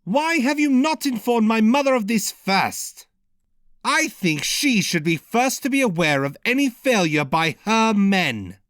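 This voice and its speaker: A man's voice: a little high, huge pitch swings, unhurried, sharp tone, no echo, clean studio sound, pitched above the performer's own voice, heavily acted. A man voicing an irritable, commanding prince who speaks in a growl. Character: irritable young male prince, commanding and menacing.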